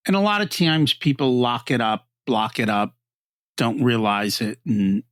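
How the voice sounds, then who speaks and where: A man's voice: medium pitch, measured pace, no echo, studio quality. A man hosting a podcast interview, chatty and relating examples from TV. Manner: lively, chatty, relates pop-culture examples. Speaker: podcast host. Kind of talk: conversational interview.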